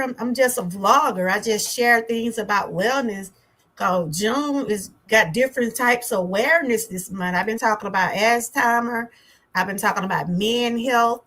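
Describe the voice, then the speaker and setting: A woman's voice: a little high, sharp tone. A woman from Georgia with a Southern accent, chatting with viewers on a livestream as a wellness vlogger, exclaiming and talking back to her chat.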